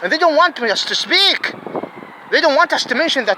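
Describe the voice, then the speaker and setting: A man's voice: very high voice, sing-song, a little fast, noisy background. A man, giving an angry, profane monologue full of repeated, emphatic questions. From Saudi Arabia.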